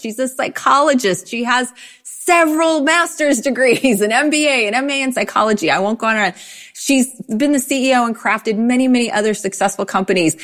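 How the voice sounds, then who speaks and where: A woman's voice: a little high, fairly bright tone. A woman hosts a podcast and introduces her guest with gushing, effusive enthusiasm. She laughs often as she piles on praise. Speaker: podcast co-host.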